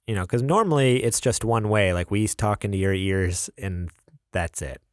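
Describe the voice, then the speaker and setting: Laid-back low-voiced man, podcast co-host. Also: normal speed, dry recording, clean studio sound. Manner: laid-back, laughs often, reads news with many ums. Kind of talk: casual podcast chat.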